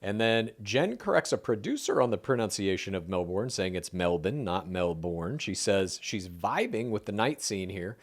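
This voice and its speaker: Animated man recapping a show. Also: fairly low pitch. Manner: animated, joking, quick asides. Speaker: podcast co-host. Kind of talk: casual recap chat.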